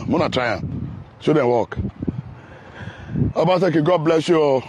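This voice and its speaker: A Nigerian man with a high-pitched voice talks his way down a city road in casual, teasing commentary. He sounds chatty and a little heated. Faint street noise and passing vehicles hum behind him. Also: a little slow, long pauses, lo-fi sound. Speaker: vlogger. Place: outdoors on a city road under construction.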